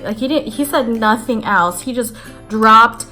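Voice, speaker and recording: A young woman talks straight to camera in a casual vlog, her voice sitting a little on the high side. She tells her story in a chatty, animated way, full of "like" fillers. Soft music plays faintly underneath. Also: normal speed. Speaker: vlogger. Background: faint background music.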